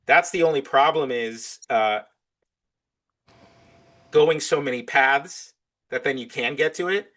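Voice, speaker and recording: A man's voice: mid-range voice, slow pace, pauses often, a bit bright. A man talking as a podcast guest in casual interview chat. He is enthusiastic and acts out both sides of his back-and-forth conversations.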